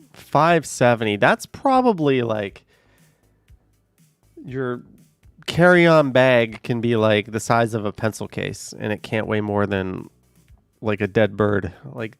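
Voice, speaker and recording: A man with a mid-range, creaky voice live-streams as a walking vlogger, chatting casually and reading viewer comments aloud. He muses in a rambling way, full of fillers, and the audio has no echo.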